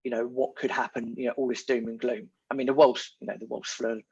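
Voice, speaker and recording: Man, husky voice, muffled lo-fi audio, emphatic casual chat. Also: medium pitch, fast. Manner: animated, emphatic, repeats key words. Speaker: podcast guest. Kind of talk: casual conversation.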